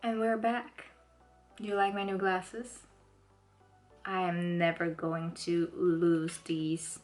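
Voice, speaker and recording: A makeup vlogger with a lowish, darkish voice speaks slowly and flatly, pausing often, yet giggles a lot between words and gushes with thanks in her casual chat to the camera. There's a roomy echo and faint background music.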